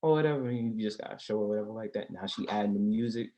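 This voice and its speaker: A man's voice: lowish voice, racing. A man in casual podcast chat, telling a story in slang with plenty of swearing and acting out the dialogue. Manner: animated storytelling, acts out dialogue; heavy slang and profanity. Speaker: podcast guest.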